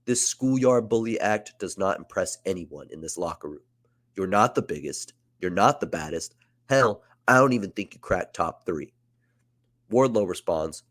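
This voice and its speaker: A man's voice: low voice, expressive, brisk, no echo, studio quality. A man hosting a podcast, casually narrating wrestling storylines he booked. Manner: casual, chatty with fillers. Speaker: podcast host.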